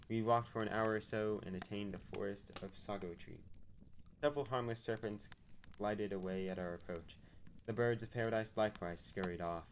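Male narrator, lowish voice, unhurried read with small restarts. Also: slight background noise, rough recording. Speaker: narrator reading a novel aloud. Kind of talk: live-streamed audiobook reading. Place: home streaming setup.

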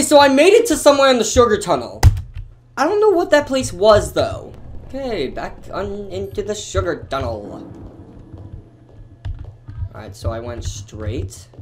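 A young man playing a horror game, jumpy and excitable, swinging from quiet mumbling to panicked screaming. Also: high-pitched. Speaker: gaming YouTuber.

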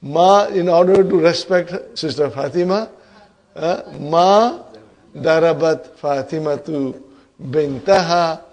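A man's voice: a little high, slow pace, darkish tone. A man teaching an Arabic grammar lesson to a class, often checking in with "huh?" and "are you with me?".

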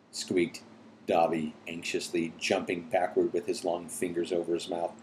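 A man reading a storybook aloud to his daughters, playful and unhurried, correcting his own slips. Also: low-pitched, monotone, a little mellow, poor audio. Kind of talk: bedtime storybook read-aloud.

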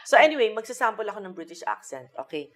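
A woman's voice: medium pitch, racing, crowd noise. A woman comedian telling stories as an interview guest, switching between Tagalog and English. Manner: animated storytelling, mixes Tagalog and English. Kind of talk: casual chat.

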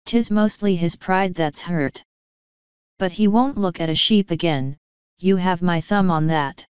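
A woman's voice: on the low side, measured pace, smooth, no echo, highs cut off, lightly acted. Woman voicing a stern old shepherdess. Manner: terse, old rustic turns of speech.

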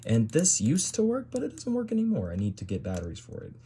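A man's voice: medium pitch, huge pitch swings, fast talker, background noise. A young man leafing through an old sketchbook and commenting casually for his video, with bewildered reactions and fillers as he goes. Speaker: video creator.

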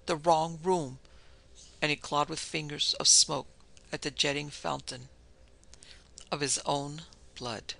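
A man narrating a classic horror story in a measured, dramatic storytelling manner. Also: on the high side, level tone, creaky, pushed and bright. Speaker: podcast narrator.

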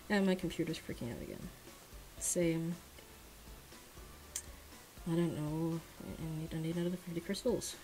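A young woman giving casual commentary while pulling in a gacha game, drifting between quiet, mumbled disappointment and sudden shrieks of excitement. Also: poor audio. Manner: swings from mumbled low sighs to shrieking excitement. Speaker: gacha gaming streamer.

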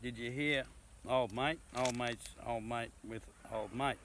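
A man with an Australian accent tasting beer outdoors with a mate, exclamatory, swearing and quick to laugh. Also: medium pitch, fairly even intonation, a bit bright, slight background noise. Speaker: co-host. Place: outdoors in the bush.

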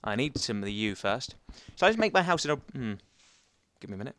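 A man's voice: medium pitch, sing-song, quick pace, fairly bright tone. A young man giving chatty, rambling commentary while playing a survival game, talking to the viewers and to the animals. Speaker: gaming YouTuber.

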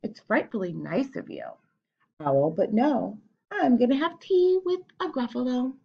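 A woman's voice: on the high side, expressive, unhurried, gravelly, breathy edge, muffled recording, pitched above the performer's own voice, heavily acted. A woman voicing a sly little storybook mouse. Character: small clever brown mouse, calm and sly.

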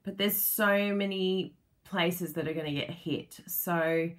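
An Australian woman hosts a crafting livestream and chats easily with her viewers, her voice a little low and her pace unhurried. She laughs often and lets her thoughts wander and trail off as she talks. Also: fairly even intonation. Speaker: crafting channel host. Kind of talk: casual livestream chat with viewers.

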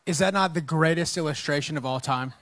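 A man's voice: on the high side, a little fast, fairly bright tone, no room sound. A man speaking as a pastor in a conversational sermon on a church stage, enthusiastic and affirming.

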